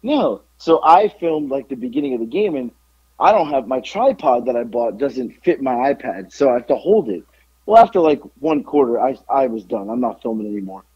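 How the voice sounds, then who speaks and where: Hoarse, animated man telling stories. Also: medium pitch, fairly quick, no echo, highs cut off. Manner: animated storytelling, yelling out quotes. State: slightly hoarse. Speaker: podcast co-host. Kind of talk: casual chat.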